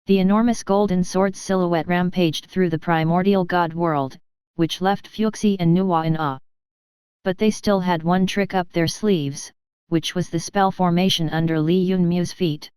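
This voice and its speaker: A woman narrating a fantasy audiobook in a steady, even reading. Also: fairly low pitch, clean tone, dry recording. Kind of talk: scripted narration.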